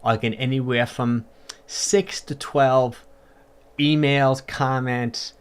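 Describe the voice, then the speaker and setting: A man's voice: mid-range voice, fairly even intonation, slow, clear, resonant tone. Chatty upbeat male fitness coach. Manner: chatty and upbeat, many fillers and repeats. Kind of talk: casual livestream talk, answering viewer comments.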